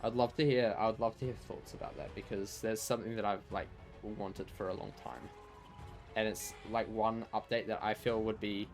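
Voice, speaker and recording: A man chatting casually on a game livestream, rambling and full of fillers. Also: lowish voice. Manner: rambling, lots of "like" and "you know". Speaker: game streamer.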